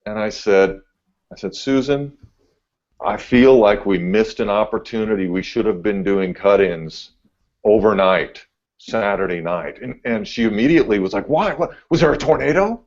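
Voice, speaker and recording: A man's voice: lowish voice, moderate pace. Laid-back male meteorologist guest, chatty storyteller, slightly dull lo-fi sound. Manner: laid-back, animated when telling stories. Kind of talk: casual podcast storytelling. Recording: dull lo-fi audio.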